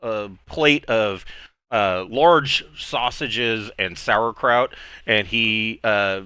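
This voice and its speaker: A man narrating a tabletop game as game master, halting and hesitant with many fillers. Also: fairly low pitch, bright, forceful tone, clear, resonant tone, dry recording. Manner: halting, full of fillers and restarts.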